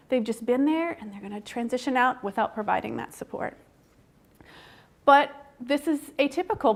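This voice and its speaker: A woman researcher giving a seminar talk in a conversational manner, often checking in with the audience with tag questions. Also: on the high side. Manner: acts out parents' lines in a soft whisper.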